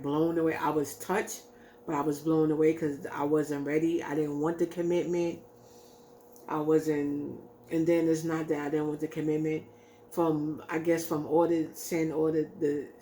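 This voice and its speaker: In a deep, mellow voice, a woman vlogger recounts something from her own life, wandering along with lots of "like" and "you know" and acting out what others said. A slight hiss or hum sits under the recording.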